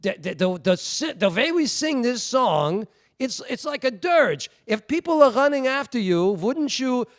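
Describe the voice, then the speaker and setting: Brief: man playing elderly Yiddish-accented rabbi, high, halting broken English. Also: very animated, heavily acted. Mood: puzzled. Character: old male rabbi, puzzled and earnest.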